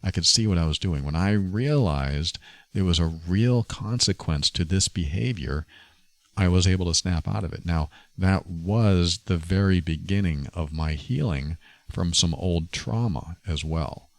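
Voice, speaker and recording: A man's voice: low voice, unhurried, no echo. A man hosting a podcast, talking earnestly and confessionally about his own experience. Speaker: podcast host. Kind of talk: personal reflective monologue.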